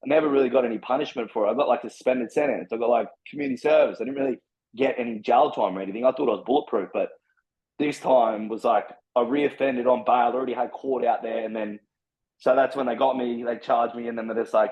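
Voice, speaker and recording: A man's voice: medium pitch, steady tone, fast, muffled recording. An Australian man telling his story as a podcast guest, blunt and full of slang and swearing. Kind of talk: casual storytelling.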